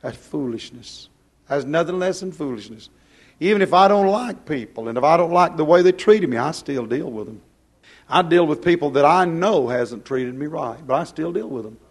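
A man preaching a plain-spoken, folksy sermon, swinging from loud to hushed. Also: a little high, lively intonation, moderate pace, husky.

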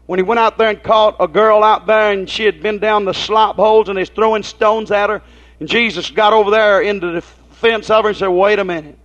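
A man's voice: sits high, fairly even intonation, a little fast, a bit bright. A man preaching a folksy sermon, telling homespun stories and asking his listeners rhetorical questions. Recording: dull lo-fi recording.

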